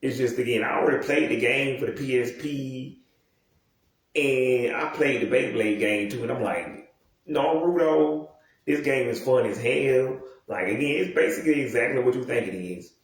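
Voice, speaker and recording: A man's voice: mid-range voice, moderate pace. A man in his thirties rambling casually and profanely, with many restarts and asides. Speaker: video commentator. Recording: very echoey room, mic far off.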